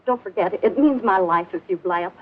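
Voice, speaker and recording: A woman playing a scheming, hushed informant. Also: medium pitch, moderate pace, natural voice. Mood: urgent. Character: scheming female outlaw informant. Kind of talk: 1940s film serial acting. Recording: tinny old film soundtrack with hiss.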